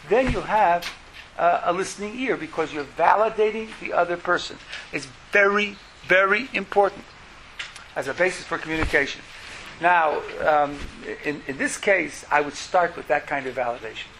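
A man teaching a lecture as a religious teacher, in an animated way that acts out quotes in lively voices. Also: high-pitched, normal speed, slight background noise, low-quality recording.

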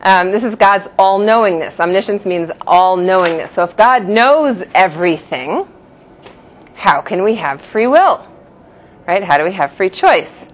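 With lively intonation and a medium pitch, a woman lectures a little slowly to her Jewish philosophy class, giving patient explanations and two pronunciations per term. The dull lo-fi classroom recording carries slight background noise.

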